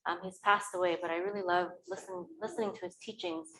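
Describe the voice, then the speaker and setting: A woman's voice: lowish voice, fairly even intonation, quick pace, fairly bright tone, rough recording. A woman sharing a teaching with her congregation, hesitant and full of fillers. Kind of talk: informal sermon talk.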